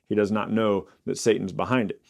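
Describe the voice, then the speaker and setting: A man teaching a casual Bible study, explaining scripture in plain everyday words, sometimes pausing with fillers or correcting himself. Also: lowish voice, little pitch movement, vocal fry, darkish tone. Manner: occasional fillers and self-corrections.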